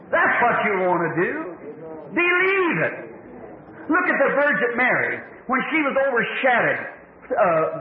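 Male preacher, fervent and pleading, high-pitched, thin echoey phone-like recording. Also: slight background noise. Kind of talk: sermon.

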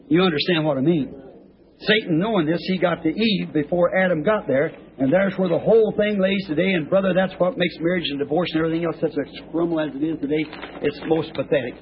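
In a church, a man delivers a rambling, homespun sermon full of stories, now and then bursting into high, excited shouts. It is heard on a dull old tape with faint hiss.

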